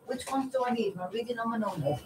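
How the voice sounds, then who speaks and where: A woman's voice: fairly high pitch, quick pace, far from the mic, soft background music. A woman, the host's mother, giving brief, matter-of-fact replies at home. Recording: off-mic from across the room.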